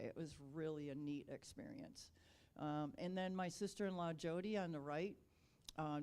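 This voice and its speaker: A woman's voice: deep voice, a little mellow. Chatty woman from Wisconsin. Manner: chatty, self-deprecating, many fillers. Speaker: Rotary district governor. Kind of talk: casual club speech.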